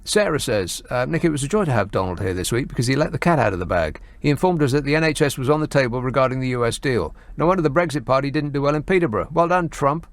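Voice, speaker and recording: A man's voice: medium pitch, expressive, quick pace, few pauses, no room sound. A man hosting a radio phone-in, talking sarcastically and chattily, with frequent fillers and mocking asides. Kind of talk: talk radio monologue. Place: radio studio.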